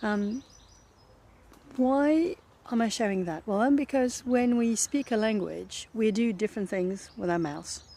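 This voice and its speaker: A middle-aged French woman, a native French speaker and French teacher, with a French accent, giving thoughtful advice in a reflective vlog and often pausing to search for words. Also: a little high, dark tone. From France.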